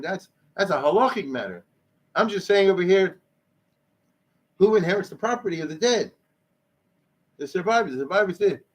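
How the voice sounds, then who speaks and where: A man, a rabbi, giving an informal history lesson in a synagogue hall, mixing in Hebrew and Yiddish words and briefly voicing the people in his stories. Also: medium pitch. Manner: peppers speech with Hebrew and Yiddish terms. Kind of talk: informal lecture.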